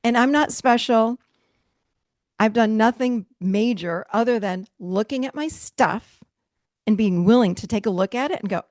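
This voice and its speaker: A middle-aged woman coaching a virtual mastermind group, emphatic and animated, laughing often as she teaches over a video call. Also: a little high, a little slow, no room sound, studio quality. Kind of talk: live motivational teaching.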